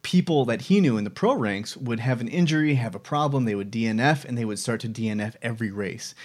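Guy in his 30s vlogging, chatty and reflective, lots of uhs and restarts, ordinary pitch. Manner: rambling, reflective, many fillers and restarts. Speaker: vlog host. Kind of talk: casual personal vlog monologue.

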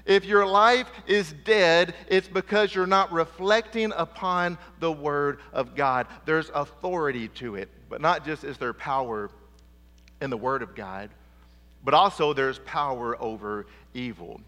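A man preaching an emphatic sermon in a church sanctuary, calling for "amen" and dropping low and quiet to drive points home. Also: unhurried. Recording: long church hall reverb.

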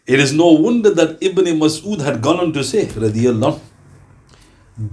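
An Islamic teacher with a somewhat high, animated, slightly mellow voice delivers a religious lesson. He speaks emphatically, poses rhetorical questions, and rattles off quick lists of references.

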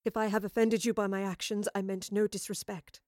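A woman voicing a fierce warrior queen who speaks formally and quickly, pleading. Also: medium pitch, little pitch movement, darkish tone, no echo, clean studio sound, close to an everyday voice. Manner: formal, gabbling, growled. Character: warrior queen, proud yet humbled and fierce.

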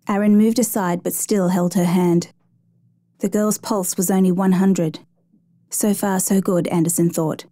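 A woman narrating a true rescue story in a measured, even storytelling manner. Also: mid-range voice, dry recording. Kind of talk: scripted narration.

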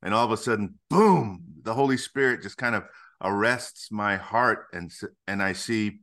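Speaking as a guest on a podcast, this middle-aged ministry founder tells stories in an emphatic, animated, preacherly way. His voice is lowish and his pace moderate.

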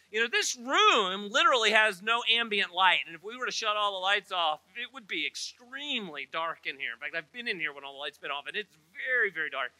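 A man's voice: sits high, sharp tone, dry recording, low-quality recording. A middle-aged man, preaching a sermon in a church with humorous storytelling and chatty asides. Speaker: pastor. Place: church auditorium.

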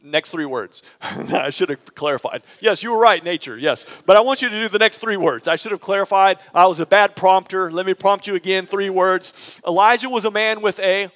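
Male pastor, slightly higher voice, chatty animated sermon storyteller. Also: moderate pace, big-room sound. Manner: conversational, prompts the congregation.

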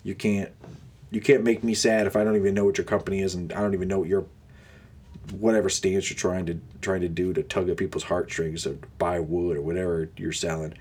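Young male podcast host, low husky voice, sarcastic griping monologue. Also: flat delivery, fairly quick, a little mellow. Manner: sarcastic, groaning complaints. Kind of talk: casual ranting monologue.

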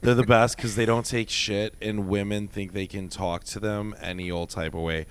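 A man in his thirties, a former bouncer, telling a wild story in casual chat and acting out the quotes loudly. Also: fairly low pitch, normal speed, clear, resonant tone. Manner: animated, profane, acts out quotes with loud jumps.

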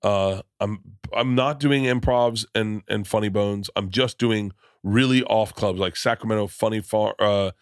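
Male podcast host and comic, deep-ish voice, loose rambling anecdotes full of profanity, dead-dry mic. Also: unhurried, few pauses, dry recording. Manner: rambling, restarts sentences, swears freely; acts out quoted people in his stories. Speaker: podcast host and stand-up comedian. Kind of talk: casual storytelling chat.

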